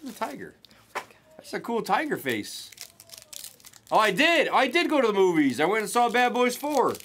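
A man hosting a card break, chatting casually and rattling off pulls with excited running commentary. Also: high-pitched, moderate pace. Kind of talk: casual chat while opening cards.

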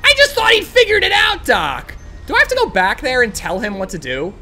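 A man giving gameplay commentary, excitable and ranting with frequent swearing. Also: extremely high pitch, fairly quick, faint music behind. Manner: excitable, swears freely, rants in frustration. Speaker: gaming video creator.

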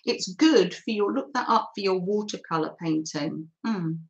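A woman's voice: medium pitch, normal speed, gravelly, muffled recording. A woman hosting a live mixed-media art demo, chatting and thinking aloud as she paints and reading out viewers' comments. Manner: reads out and thanks viewers' comments. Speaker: craft livestream host.

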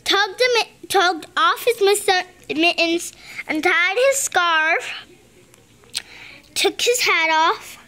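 A woman reading a picture book aloud slowly and haltingly, stumbling and restarting on words. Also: very high-pitched, bright, forceful tone. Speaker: reader.

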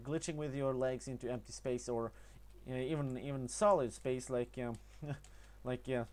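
A young man with a Norwegian accent talking over gameplay in a casual tutorial, halting often with fillers and restarts. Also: mid-range voice, a little mellow. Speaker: gaming tutorial narrator.

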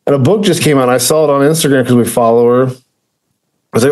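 A man's voice: mid-range voice, a little fast, a little mellow. A man co-hosting a podcast, chatting casually in a mid-range voice. He rambles, circling back on himself with many fillers and restarts. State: choked up with emotion. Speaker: podcast co-host. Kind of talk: casual chat.

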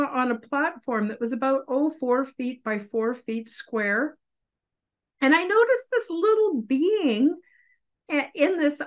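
A woman hosting a podcast who tells a personal story in a rambling, effusive way, with many fillers. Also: a little high. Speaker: podcast host.

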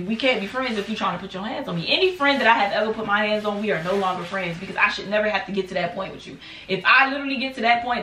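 A woman in her twenties telling a casual storytime on her channel, acting out quotes in animated bursts. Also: mid-range voice, slight background noise. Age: 20s. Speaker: vlogger. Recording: echoey room, mic at a distance.

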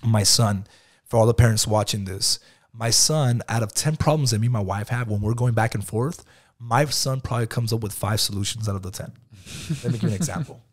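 A man in his thirties speaking as a guest in a casual interview, relaxed and conversational, often calling the host "bro". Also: lowish voice, fairly quick. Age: 30s. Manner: casual, peppers talk with "bro". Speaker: guest entrepreneur.

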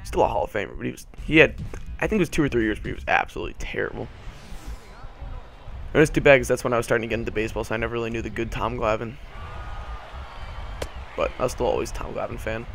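Hoarse young man, gravelly gameplay chatter. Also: mid-range voice, fast, pauses often, fairly bright tone, soft background music. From Boston area. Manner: rambling, swears, frequent "like" fillers. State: hoarse morning voice. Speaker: gaming channel host. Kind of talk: casual gameplay commentary.

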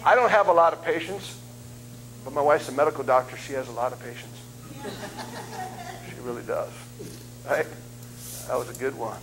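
A man's voice: medium pitch, normal speed, long pauses, a little hiss or hum, rough recording. A middle-aged man preaching a sermon in a church, joking and acting out voices. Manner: joking, animated, acts out voices and screams. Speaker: guest preacher. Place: church sanctuary.

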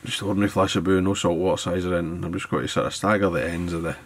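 Speaking rapid-fire in a low, steady voice, a Scottish man works at his tying desk and narrates a fly-tying tutorial. He's easygoing, thinking out loud as he goes. There's a slight hiss or hum in the background.

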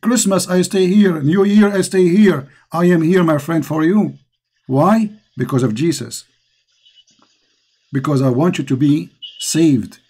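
A man's voice: on the high side, mellow. Impassioned preaching man, Arabic accent. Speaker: host. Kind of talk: call-in religious talk.

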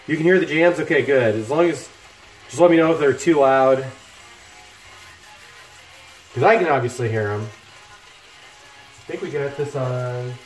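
A middle-aged man hosting a casual cooking livestream from his home kitchen, chatting and joking with viewers while he cooks. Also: medium pitch. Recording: echoey kitchen with music playing. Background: music from laptop speakers, frying food.

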